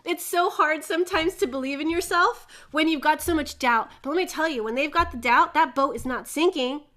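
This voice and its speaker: A young woman giving a casual spiritual teaching talk, an animated storyteller who laughs often and acts out little voices. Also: high-pitched, a little fast. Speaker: host.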